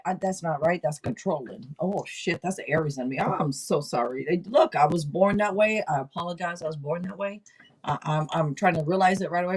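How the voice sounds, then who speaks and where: A woman in her forties hosting a live tarot stream in loose, casual chat. She talks loud and blunt, teases her viewers and swears freely, clearing an irritated throat now and then. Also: fairly low pitch.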